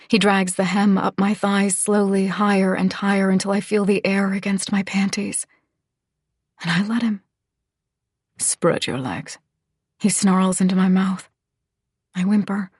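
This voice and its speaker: A woman narrating a first-person romance audiobook in a soft, breathy, half-whispered reading. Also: medium pitch, dry recording, clean studio sound.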